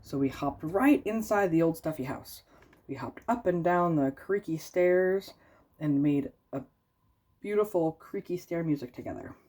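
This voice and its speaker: A woman with a low voice reads a children's picture book aloud. She tells the story in a soft, gentle way. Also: animated, a little slow. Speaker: storybook reader.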